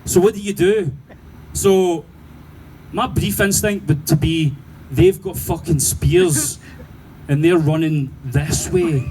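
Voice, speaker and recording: A man with a Glaswegian accent doing sweary, animated stand-up storytelling and laughing through his punchlines. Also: fairly high pitch, slow, crowd noise, low-quality recording. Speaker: stand-up comedian.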